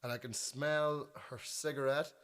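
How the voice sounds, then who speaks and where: A young Northern Irish man chats to his livestream viewers, spinning a funny story. He is self-deprecating and animated, often breaking off to correct himself. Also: medium pitch, a little slow, clean tone. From Northern Ireland. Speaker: musician on livestream. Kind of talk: casual storytelling.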